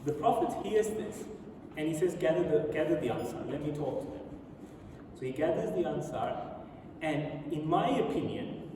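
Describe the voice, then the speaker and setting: A man giving a storytelling religious lecture in a mosque, retelling events in an animated way and reading quoted speeches aloud. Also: a little high. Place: mosque prayer hall. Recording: very echoey hall, speaker far from mic, audible noise.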